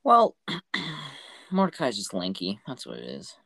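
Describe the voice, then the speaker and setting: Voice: mid-range voice, wildly swooping pitch, a little slow, vocal fry, fairly bright tone, no room sound, clean studio sound. A podcast co-host chatting casually, playful and joking, with frequent giggles. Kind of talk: casual chat.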